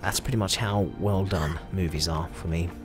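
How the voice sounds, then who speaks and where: A man's voice: low-pitched, steady tone, moderate pace, over music. A man with an Australian accent giving chatty, jokey commentary over his own gameplay. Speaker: gameplay video host.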